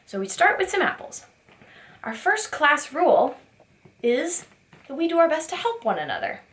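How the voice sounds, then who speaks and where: A woman's voice: sits high, very animated, normal speed. Sing-song preschool teacher woman. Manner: warm sing-song teacher voice, asks children questions. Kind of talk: circle time lesson for young children.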